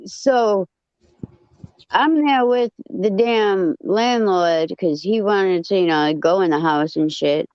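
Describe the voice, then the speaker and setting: A woman telling a story in casual chat, blunt and profane, with animated retelling. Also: mid-range voice, slow pace, long pauses, smooth, no room sound, lo-fi sound.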